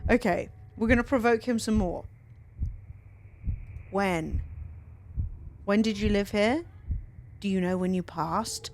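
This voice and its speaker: A woman streaming a video game live, talking excitedly to herself and her chat, often swearing. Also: medium pitch, unhurried, long pauses, soft background music. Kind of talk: live gaming commentary.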